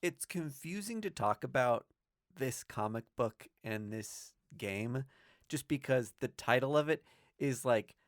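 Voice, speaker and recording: A man co-hosting a comic book podcast, chatting in a relaxed way and hedging often. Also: medium pitch, measured pace, no room sound, clean studio sound. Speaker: podcast co-host. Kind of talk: casual podcast chat.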